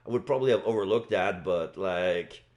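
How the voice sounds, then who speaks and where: A man's voice: low voice, moderate pace, a little mellow. A man casually commenting on a game while streaming live, rambling with fillers. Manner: casual, lots of fillers and restarts.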